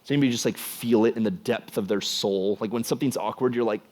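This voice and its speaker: A young man preaching a casual youth sermon, animated and jokey, acting out the scenes. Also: lowish voice, fast talker. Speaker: youth pastor.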